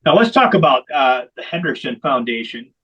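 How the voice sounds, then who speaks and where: A man's voice: medium pitch, very animated, moderate pace, fairly bright tone, breathy edge, muffled recording. A man who founded a veterans hockey program, telling its story in an interview with candid, emphatic repetition. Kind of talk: long-form interview storytelling.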